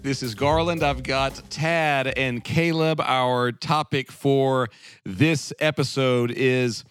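A man's voice: medium pitch, fairly even intonation, slow, fairly bright tone, smooth, dry recording, soft background music. A man hosting a casual podcast discussion, rambling with restarts and laughing often, on a close mic. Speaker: podcast host. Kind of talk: casual chat.

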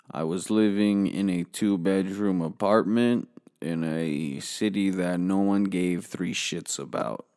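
A man with a deep, gravelly voice drawls slowly through a comic tale. He is boastful and rambling and swears freely. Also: a little mellow. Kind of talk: comedic storytelling monologue.

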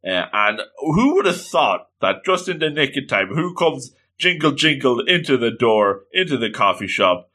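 Animated man retelling a story. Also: medium pitch, moderate pace, hardly any pauses, slightly rough. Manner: animated, exclamatory, voices the characters. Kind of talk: casual retelling of a comic story.

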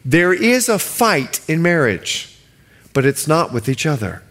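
A male pastor from the Bahamas preaching a sermon. He stretches key words slowly for emphasis and jokes with the congregation. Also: a little high, very animated, fairly bright tone.

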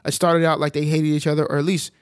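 Man, casual film recap, lively storytelling, lots of ums, slightly high voice. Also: fast talker, clean tone, no room sound, studio quality. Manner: animated storyteller with many filler sounds. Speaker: podcast co-host recapping a film.

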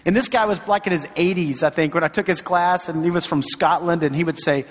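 High-voiced pastor preaching in a big hall. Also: male voice, fairly quick. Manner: storytelling, earnest and encouraging, many asides like "right?" and "you know". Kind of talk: sermon. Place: church sanctuary. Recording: long hall reverb.

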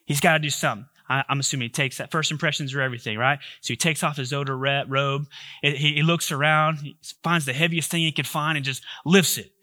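A man's voice: on the high side, sharp tone, no room sound, studio quality. A male pastor giving a sermon in a humorous, conversational way with joking asides.

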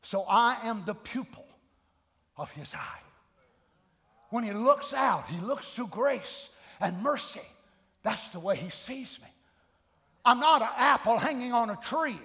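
A middle-aged man preaching a sermon, shouting fervent declarations between folksy asides. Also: very high voice, expressive, measured pace, gravelly, long pauses. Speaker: pastor. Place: church sanctuary. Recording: long church hall reverb.

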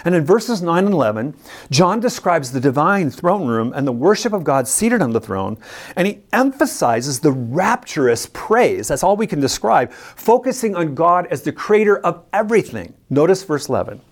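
A preacher delivers a teaching sermon in an animated voice that swoops up and down in pitch. The delivery is emphatic and deliberate, and key words are repeated for weight. Questions go straight to the listeners. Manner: addresses listeners directly with questions.

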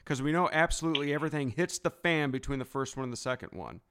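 A man's voice: mid-range voice, fast talker, fairly bright tone, a little hiss or hum. Enthusiastic male interviewer. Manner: enthusiastic, fan-like. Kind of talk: casual interview chat.

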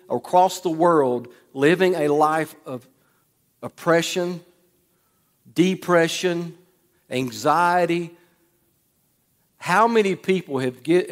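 A man preaching a sermon in a church, swinging between loud bursts and hushed, quiet lines. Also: on the high side. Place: church sanctuary. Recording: long hall reverb.

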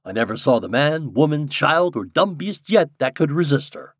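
A man voicing a hearty, bossy older gentleman who teases and boasts loudly. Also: very animated, moderate pace, husky, no room sound, clean studio sound, heavily acted. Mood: jovial. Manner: booming, boastful, teasing.

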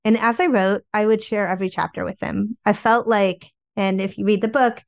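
A woman author telling candid family stories in an interview, chatty and animated, often saying "like". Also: medium pitch, normal speed, no room sound, studio quality. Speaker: memoir author guest.

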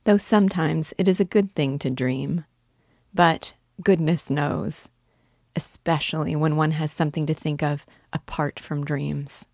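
A woman's voice: fairly low pitch, a little slow, no room sound, studio quality. Nastenka, a woman reading a teasing young girl. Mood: confiding. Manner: teasing, eager questions. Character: lively playful young woman, teasing and curious. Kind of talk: audiobook character reading.

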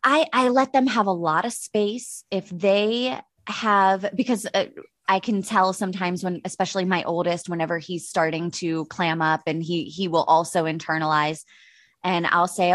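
Animated, swearing woman telling stories. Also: moderate pace, no echo, studio quality. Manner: animated storyteller, swears freely, jumps into high pitch when quoting. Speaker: podcast guest. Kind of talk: casual chat.

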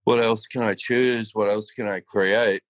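Co-host: earnest, reflective man, slightly low pitch, dry sound. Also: fairly even intonation, measured pace, no echo. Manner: reflective, earnest, self-quoting. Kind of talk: casual chat.

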